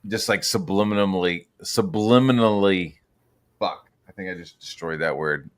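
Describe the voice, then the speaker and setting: A man with a low-pitched voice rambles through crude stories in a casual podcast chat. He swears constantly and jumps into loud, excited outbursts as he tells them. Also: normal speed. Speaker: podcast co-host.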